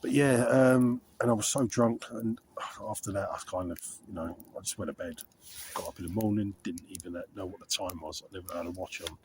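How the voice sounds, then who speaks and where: A man's voice: deep voice, fairly quick, background noise. A middle-aged man chatting candidly and rambling to camera while camping outdoors in a frosty wood. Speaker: wild camping vlogger. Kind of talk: casual rambling chat to camera.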